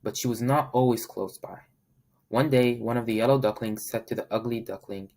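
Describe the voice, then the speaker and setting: A man reading a children's picture book aloud as a volunteer, in a friendly, steady manner. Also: medium pitch, normal speed. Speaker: volunteer storybook reader.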